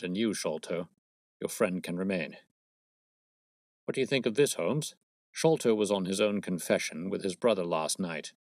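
A man voicing a stout, blustering police detective with a husky, wheezing voice and a pompous manner, read as a storybook. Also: deep voice, dry recording, studio quality, close to an everyday voice. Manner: pompous, brash, self-satisfied. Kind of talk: storybook reading.

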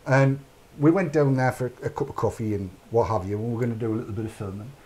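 A man's voice: mid-range voice, fast, a little mellow. A middle-aged man hosts a casual chat, rambling along in a mid-range voice. He talks off the cuff and narrates his own actions aloud as he goes. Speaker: podcast host.

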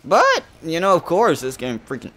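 A young man hosting a gaming channel, giving live commentary over his own match, shifting between calm explanation and sudden cursing outbursts. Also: a little high, normal speed, slight background noise. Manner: frustrated, swearing, swinging between calm and outbursts.

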